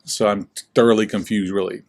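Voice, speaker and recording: A young man telling his life story in a relaxed, chatty interview. He fills his talk with "like" and acts out the voices he quotes. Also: on the low side, a little fast. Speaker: guest speaker.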